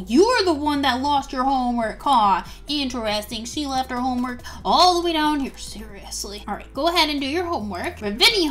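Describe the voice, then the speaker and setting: A woman narrating a life-sim game as a gaming video host, excitable and chatty. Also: sits high. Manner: excitable, gasps and laughs often. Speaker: gaming youtuber. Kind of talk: let's play commentary.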